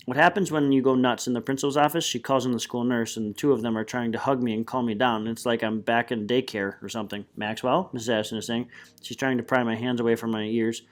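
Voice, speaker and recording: A man's voice: mid-range voice, steady tone, fast talker. A man reading a novel aloud in a plain, unpolished way, with small slips and restarts. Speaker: reader.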